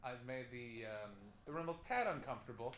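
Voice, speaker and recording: Bright-voiced comic working a room. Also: male voice, mid-range voice, animated, a little hiss or hum. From Canada. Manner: rapid, playful, swearing, teasing the audience. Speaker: stand-up comedian hosting a live podcast. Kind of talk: improvised stand-up crowd work. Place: small upstairs comedy club. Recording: roomy club sound with crowd. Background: audience laughter.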